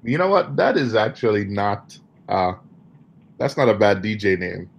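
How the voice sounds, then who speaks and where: A man's voice: fairly low pitch, very animated, normal speed, creaky, highs cut off, background noise. A man riding along as passenger, chatting casually and teasingly while relaying messages from a live chat. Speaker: passenger and co-host. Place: car on the road.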